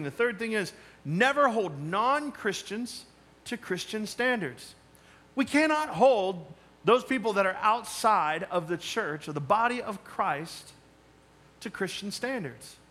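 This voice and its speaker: A male pastor preaching a sermon, emphatic, moving between loud challenges and quiet asides. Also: high voice.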